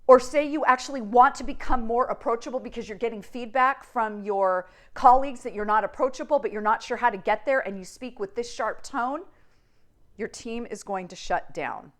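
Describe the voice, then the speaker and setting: A woman's voice: on the high side, normal speed. A middle-aged woman, a media coach, giving a coaching talk on presentations and trying out different tones as she goes. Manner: expressive, demonstrates tones by switching delivery.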